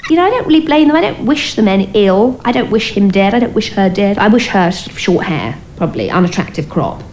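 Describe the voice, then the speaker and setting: A woman's voice: mid-range voice, big pitch swings, a little fast, a little mellow, a little hiss or hum, natural voice, rough recording. A woman playing a rambling asylum patient. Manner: rambling, hesitant, full of restarts. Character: rambling female asylum patient, dreamy and odd.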